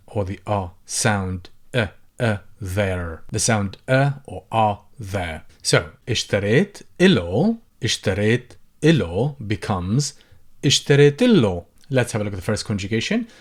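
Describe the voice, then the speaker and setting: A man with a somewhat low voice leads a language lesson. He moves calmly through the material, repeating each example phrase several times and stopping to explain pronunciation as he goes. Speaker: Arabic language teacher. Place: lives in the UK.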